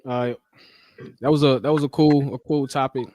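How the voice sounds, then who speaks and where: A man hosting a casual live-stream chat, talking loud, animated and full of slang. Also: medium pitch, normal speed, no room sound, clean studio sound. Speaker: host.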